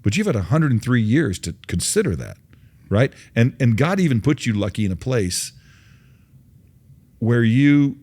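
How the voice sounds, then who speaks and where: A man's voice: mid-range voice, sing-song, moderate pace, long pauses, darkish tone. A man hosting an interview, telling a folksy parable in an earnest way with many restarts. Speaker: host. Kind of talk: faith-based interview, storytelling.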